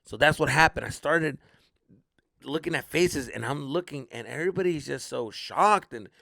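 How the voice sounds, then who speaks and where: A young male comedian tells a story on his podcast, his fairly high voice swinging wildly up and down. There's a gravelly fry in his tone, and the sound is close and dry. He swears freely and acts out the people in his story. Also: expressive, moderate pace, bright, forceful tone, no room sound.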